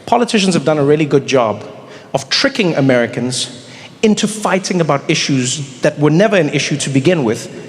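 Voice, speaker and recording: A man performing animated stand-up storytelling on a comedy stage, acting out the scenes and mocking himself. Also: fairly high pitch, fairly quick. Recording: live comedy hall with audience noise.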